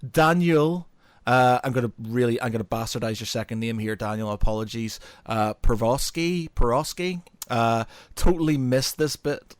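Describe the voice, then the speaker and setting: A man's voice: mid-range voice, normal speed, clean tone, dry recording. Man ranting in casual podcast chat. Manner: swearing, laughing, animated ranting. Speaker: podcast co-host.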